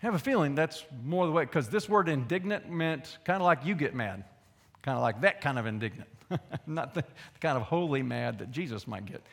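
A man, a pastor preaching a sermon in a conversational way, dropping low for asides and rising for emphasis. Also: animated, moderate pace, creaky. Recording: long hall reverb.

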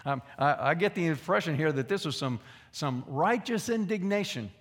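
A man, a pastor preaching a sermon in a conversational way, dropping low for asides and rising for emphasis. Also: expressive, normal speed. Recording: long hall reverb.

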